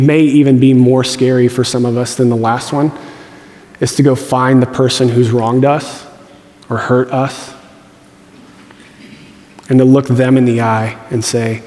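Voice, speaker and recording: Pastor preaching in a reverberant hall. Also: male voice, mid-range voice, darkish tone. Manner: conversational and joking, with playful voiced asides. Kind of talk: sermon.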